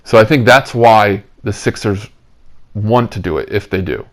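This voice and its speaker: A man's voice: on the low side, normal speed. A young man hosting a casual podcast, talking in rambling, filler-heavy, upbeat bursts. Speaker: podcast host. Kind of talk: casual chat.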